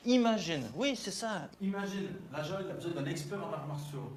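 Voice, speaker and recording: A pushy, excitable young man. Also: high voice, fairly quick, very noisy. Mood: eager. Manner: excitable, pushy, full of ideas. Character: eager young man pitching his own demo tape.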